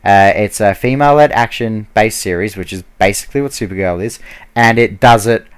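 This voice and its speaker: A man's voice: on the low side, brisk, clean tone. A man giving a heated, casual ranting review, full of fillers and restarts. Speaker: video blogger.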